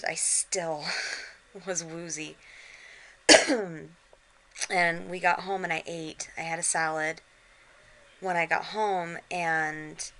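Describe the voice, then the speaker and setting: Tired low-voiced woman vlogging from bed. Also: a bit bright, poor audio. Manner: tired, drained, talking from bed. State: unwell and worn out. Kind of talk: casual vlog chat. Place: bedroom, in bed. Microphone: handheld camera.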